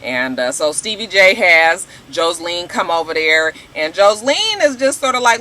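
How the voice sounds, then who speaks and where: A woman vlogger recapping a reality show episode in a casual, animated, slangy way, talking straight to her viewers. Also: on the high side, moderate pace, few pauses, a little hiss or hum, poor audio. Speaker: YouTube show reviewer.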